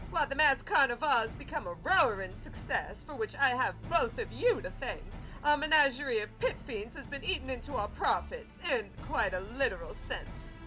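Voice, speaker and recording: A woman's voice: sits high, pushed and bright, voice pushed up, poor audio. Woman doing a wry, scheming showman. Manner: wry, chatty, confiding. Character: shrewd, cheerful male showman and ringmaster.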